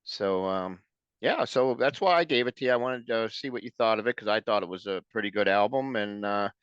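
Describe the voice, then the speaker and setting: A man co-hosting a casual album-review chat, easygoing and halting, with many fillers. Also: lowish voice, fairly bright tone, clear, resonant tone, no room sound, lo-fi sound. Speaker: co-host.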